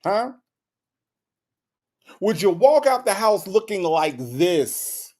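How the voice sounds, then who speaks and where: Animated man hosting a livestream. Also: high voice, slow pace. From Florida. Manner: animated, reads chat messages aloud, frequent stammered restarts. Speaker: livestream host. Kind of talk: casual livestream commentary.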